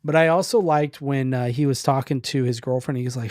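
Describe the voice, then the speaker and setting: A man's voice: on the high side, brisk, hardly any pauses, a little mellow, no echo, studio quality. A man talking casually about a comedy film as a podcast guest, easygoing and a bit hesitant. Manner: easygoing, hesitant, laughs easily. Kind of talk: casual movie chat.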